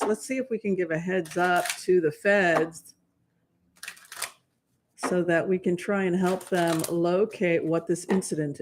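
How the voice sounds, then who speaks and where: Gravelly lady doing a tarot stream, earnest, goes whispery sometimes. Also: fairly low pitch, background noise. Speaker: psychic livestream host. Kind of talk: casual livestream tarot reading.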